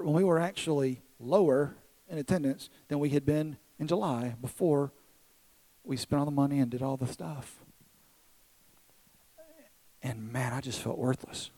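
A man in his thirties preaching a sermon in a church service, telling a personal story that swings from excited to hushed and tender. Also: a little high, normal speed, long pauses, rough recording. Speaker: pastor.

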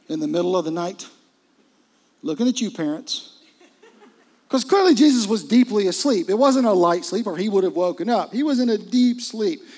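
A man preaching a sermon in a conversational, intimate way, often dropping into hushed asides. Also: high-pitched. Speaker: pastor.

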